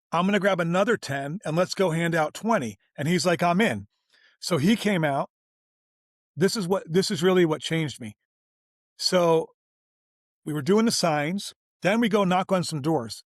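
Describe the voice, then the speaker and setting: Guesting on a business interview show, a man tells a story casually and with real animation, acting out the quoted dialogue as he goes. His voice is on the high side at a moderate pace, captured in studio quality with no echo.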